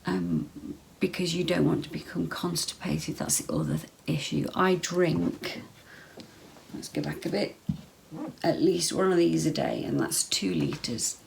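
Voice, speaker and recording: A woman's voice: sits low, big pitch swings, a little slow, creaky, a little mellow, slight background noise, low-quality recording. A woman vlogging casual health advice straight to camera, chatty, full of ums and repeated phrases.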